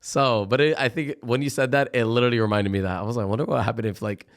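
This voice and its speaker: A young man, a podcast guest, talking casually with lots of fillers and animated retellings of what people said. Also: mid-range voice, rapid-fire. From Florida. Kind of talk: casual chat.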